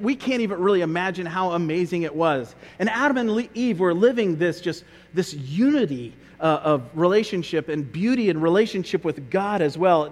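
A man's voice: high voice, long reverb tail. A man preaching a sermon as pastor, earnest and conversational, often repeating his words as he goes.

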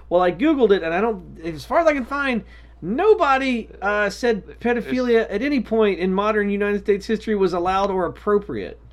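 A man's voice: high-pitched, lively intonation, normal speed. Rambling, exasperated man on a podcast. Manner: exasperated, rambling, bursts into shouting. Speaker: podcast co-host. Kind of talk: casual chat.

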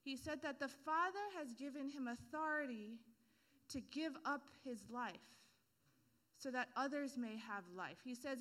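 A woman's voice: sits high, unhurried, a bit bright. A woman preacher giving a casual, humorous sermon full of everyday analogies and slang.

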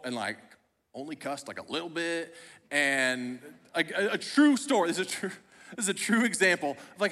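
In a church auditorium, a young pastor with a high, bright voice and forceful tone tells a personal story during his sermon. His humor is conversational and self-deprecating, and the recording carries a long hall reverb.

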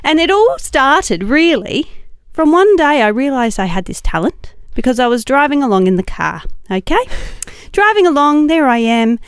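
A young woman co-hosting a podcast, telling stories in a playful, animated way. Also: high voice, normal speed, no room sound, clean studio sound. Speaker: podcast co-host. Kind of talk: casual chat.

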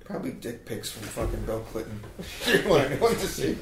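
A man's voice: medium pitch, very animated, brisk, background noise. A man joking in sarcastic, mock-conspiratorial banter, often swearing as he co-hosts a comedy podcast. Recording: roomy echo.

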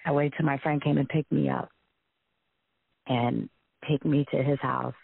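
A man telling a frightening personal story in a halting, shaken way, with many restarts. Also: medium pitch, steady tone, vocal fry, husky, no room sound. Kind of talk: emotional personal testimony. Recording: tinny phone-line recording.

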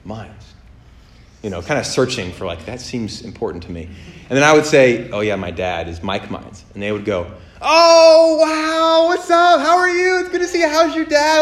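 A man preaching on a podcast, telling stories with lively acted-out voices and many fillers. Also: echoey room. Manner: animated storytelling, acts out voices with big pitch jumps. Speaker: pastor. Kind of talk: sermon on a podcast.

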